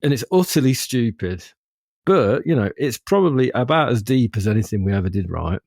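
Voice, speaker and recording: A man's voice: mid-range voice, expressive, brisk, creaky, darkish tone, no room sound, studio quality. A man, co-hosting a podcast in a rambling, good-humoured casual chat. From Derby, England. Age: 50s. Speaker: podcast co-host.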